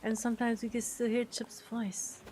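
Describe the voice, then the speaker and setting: A young woman streaming a cozy life-sim game, chatting casually with viewers, giggling often and breaking into excited squeals. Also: on the high side, normal speed, slight background noise. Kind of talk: casual live-stream chat over gameplay.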